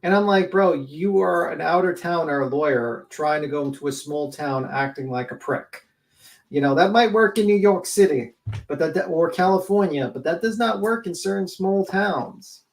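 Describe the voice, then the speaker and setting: A man's voice: on the high side, moderate pace, creaky. A man co-hosting a casual livestream, talking in a blunt, profane, exasperated way. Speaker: co-host.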